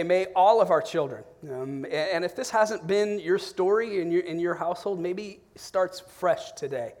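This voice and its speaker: A man in his forties, a pastor preaching a sermon, telling family stories with animated bursts and soft, reflective drops. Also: on the high side.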